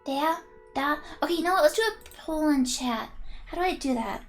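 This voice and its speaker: A woman's voice: sits high, animated, fast talker, music in the background. A woman streaming a game, reading its text aloud and chatting playfully with her viewers, giggling as she goes.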